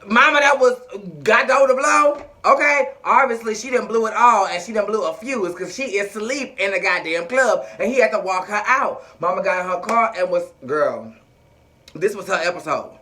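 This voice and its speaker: A woman's voice: medium pitch, moderate pace, bright, forceful tone. Sassy, profane woman recapping TV. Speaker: TV episode recapper. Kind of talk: casual episode recap.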